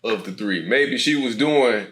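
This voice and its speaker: A man's voice: medium pitch, lively intonation, measured pace, fairly bright tone. A man co-hosting a podcast in casual chat, laid-back, with joking asides.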